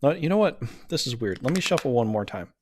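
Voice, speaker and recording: A man's voice: mid-range voice, very animated, fast, a little mellow, slight background noise. A man doing a casual tarot reading who rambles, talks himself in circles and gets easily flustered. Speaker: tarot reader.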